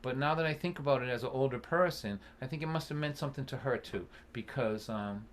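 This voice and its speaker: A man in his sixties telling a personal story at a concert, earnest and halting, with restarts and an occasional cough. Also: mid-range voice, slight background noise. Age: 60s. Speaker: folk singer and storyteller.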